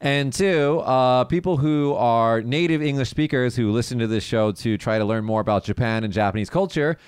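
Man hosting a casual podcast, smooth clear voice, dry close sound, lively and quick to jump in. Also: mid-range voice, no echo. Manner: lively, leads the talk with quick interjections. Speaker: podcast host. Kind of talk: casual bilingual podcast chat.

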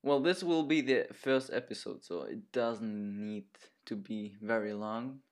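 A young man co-hosting a casual podcast, hesitant and halting as he talks. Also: lowish voice. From Germany and Chile. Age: young adult. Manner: halting, hesitant, restarts a lot. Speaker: podcast co-host.

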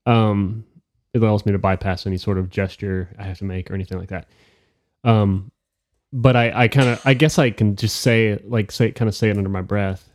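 Hesitant low-voiced man playing a paladin. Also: steady tone, brisk, a little mellow. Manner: hesitant, filler-heavy, reads rules aloud. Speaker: player. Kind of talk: casual tabletop game chat.

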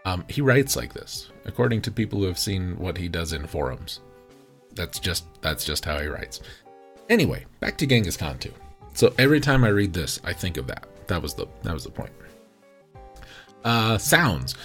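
A man's voice: low-pitched, very animated, normal speed, pauses often, fairly bright tone, husky, faint music behind. A man hosting a podcast, reading game reviews aloud for comic effect and pronouncing every comma, period and capital letter in mockery. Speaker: podcast host. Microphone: video recording.

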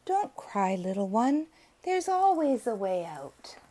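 Storybook: kind, soothing she-dog, read by a woman, slow and gentle. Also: on the high side, lively intonation, full character voice. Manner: gentle and reassuring. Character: gentle golden female dog, kind and helpful.

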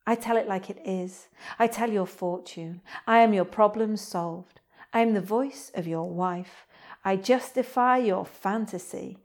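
A woman's voice: medium pitch, darkish tone. A young woman from Wales, performing her poems in a rhythmic, insistent spoken-word style. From North Wales. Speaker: poet. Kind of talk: poetry reading.

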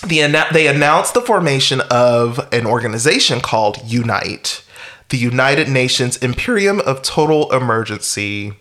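A man's voice: medium pitch, animated, moderate pace, a bit bright. A man casually recapping a film's plot as a podcast co-host, rambling and wry, with frequent chuckles and fillers. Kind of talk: casual chat recapping a film.

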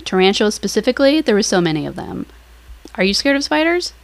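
A woman's voice: medium pitch, big pitch swings, quick pace, slight background noise. A young woman co-hosting a podcast, recapping an episode in casual chat, rambling and giggly with some casual swearing. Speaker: podcast co-host.

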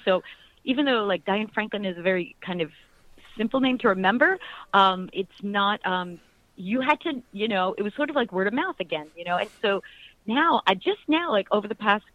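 A woman's voice: mid-range voice, animated, normal speed, no echo. Chatty, enthusiastic woman on a dull line. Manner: enthusiastic, chatty, many fillers. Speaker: actress guest. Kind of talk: casual interview chat.

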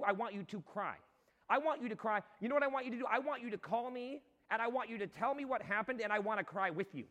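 A male pastor preaching a sermon in a conversational, impassioned way, now and then bursting into a shout, recorded in a church with long reverb. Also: sits high.

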